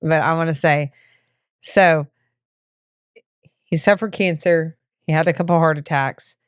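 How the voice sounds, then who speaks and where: Young woman co-host, lowish smooth voice, playful casual chat, dry close sound. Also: fairly even intonation, no room sound. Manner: playful, giggly, quick asides.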